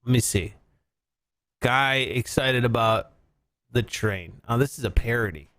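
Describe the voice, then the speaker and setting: A man hosting a podcast, riffing in casual comic chat, rambling and breaking into shouts for bits. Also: medium pitch, unhurried. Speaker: podcast host.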